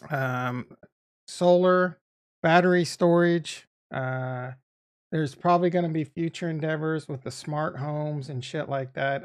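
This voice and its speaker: A man with a Boston accent, chatting casually on a livestream, rambling and swearing as he answers chat. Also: fairly high pitch. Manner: rambling, profane, talks back to chat. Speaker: crypto streamer reading chat.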